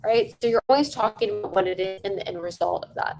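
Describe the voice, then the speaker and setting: A woman's voice: medium pitch, quick pace, poor audio. A woman teaching sales-call technique in a conversational coaching lesson. She stresses points by repeating them and often checks in with "right?". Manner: emphatic, repeats key phrases for stress. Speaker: sales trainer.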